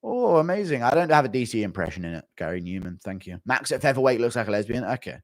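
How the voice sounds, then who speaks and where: A man's voice: mid-range voice, very animated, fast talker, dry recording, studio quality. Wry, jokey male streamer. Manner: wry, jokey, reading donations aloud. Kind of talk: casual live-stream commentary.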